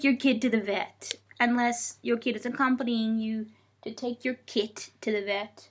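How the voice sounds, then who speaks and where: A woman's voice: fairly high pitch, fairly even intonation, normal speed. A young woman telling a rambling story in a casual vlog, chatty and swearing often, breaking off to talk to her cat. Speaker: vlogger.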